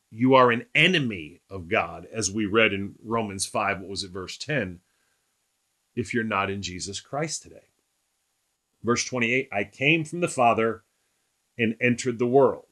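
A man's voice: medium pitch, sharp tone. A man teaching through a Bible passage verse by verse, emphatic, often asking rhetorical questions and checking in with "right?".

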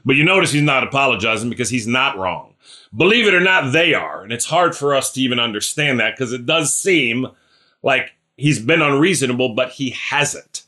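Bright-voiced man preaching casually. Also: mid-range voice, normal speed. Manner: chatty, asks listeners questions by name; animated, acts out scripture characters. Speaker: pastor. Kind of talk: conversational sermon.

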